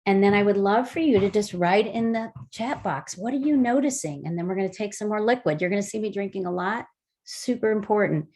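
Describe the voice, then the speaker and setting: Gentle woman guiding a breathing class. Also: mid-range voice. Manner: gentle, slow guiding with soft breathy cues. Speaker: mindfulness movement instructor. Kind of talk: guided movement and breathing lesson. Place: online video class.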